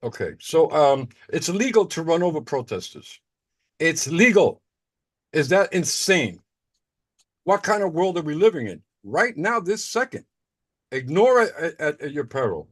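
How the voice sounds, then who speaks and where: A man in a casual video-call chat, talking excitably in rambling stretches, repeating words and trailing off. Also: fairly high pitch, moderate pace, husky. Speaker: participant in an online chat.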